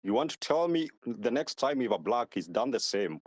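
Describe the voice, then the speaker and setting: A man from Kenya calling into a live online audio room, arguing in a halting way and repeating his words. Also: medium pitch, big pitch swings, dry recording. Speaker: caller.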